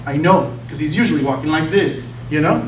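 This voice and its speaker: A man's voice: on the high side, fairly quick, far from the mic, slight background noise. A man giving an informal sermon-style talk in a church, speaking conversationally and often checking in with his listeners with "okay?" and "you see?". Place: church sanctuary. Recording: echoey church recorded from afar.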